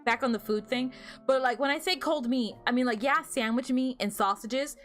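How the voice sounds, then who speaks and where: Young woman, chatty streamer, slightly high voice, faint music behind. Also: normal speed, a bit bright. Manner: chatty, giggly, rambling with many fillers. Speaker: VTuber streamer. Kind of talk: casual gameplay stream chat.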